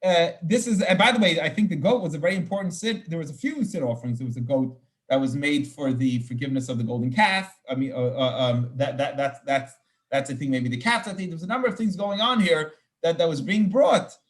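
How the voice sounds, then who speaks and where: Rabbi explaining scripture in a fairly high voice. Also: male voice, a little fast. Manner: explanatory, sprinkles Hebrew terms, frequent restarts. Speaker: rabbi teaching Torah. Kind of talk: informal Torah class.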